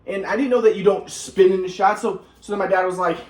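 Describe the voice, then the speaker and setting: A man's voice: sits high, steady tone, quick pace, darkish tone. A man telling his own story in a rambling way, restarting sentences and repeating words. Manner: acts out quotes of others. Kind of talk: casual storytelling monologue.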